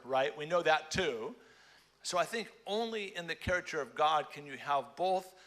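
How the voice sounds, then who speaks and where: Male speaker preaching at a conference, somewhat high and very bright voice, animated and playful, hammering phrases home. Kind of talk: lively conference sermon.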